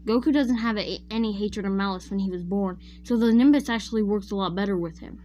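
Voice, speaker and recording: A woman's voice: medium pitch, fast, warm tone. A woman spins a fan-made what-if story in a loose, chatty way, talking straight to her viewers. She often stops to correct herself mid-sentence. A faint hum sits under her voice. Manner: chatty, addresses viewers directly.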